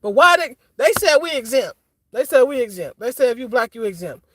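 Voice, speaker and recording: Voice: medium pitch, big pitch swings, brisk, fairly bright tone, no echo, clean studio sound. A livestreamer ranting in a loose, slangy monologue, blunt and rambling with frequent restarts, laughing at their own jokes. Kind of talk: casual rant monologue.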